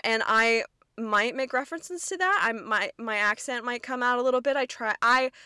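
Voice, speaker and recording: A twenty-year-old woman from rural Kentucky hosts her own podcast in a fairly high, bright, pushed voice at normal speed. The studio sound is clean, smooth, and echo-free as she rambles chattily, swearing freely and poking fun at herself.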